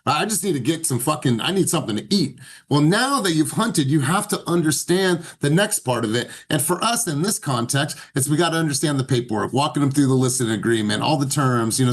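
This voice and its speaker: A man leading a group coaching call on video, hyped up and calling on people by name. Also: on the high side. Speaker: sales coach.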